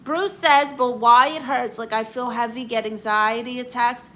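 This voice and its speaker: A woman's voice: on the high side, fairly even intonation, moderate pace, fairly bright tone. A woman with a Brooklyn accent hosting a comic livestream. She reads viewer comments and gives blunt, sassy advice, calling people honey.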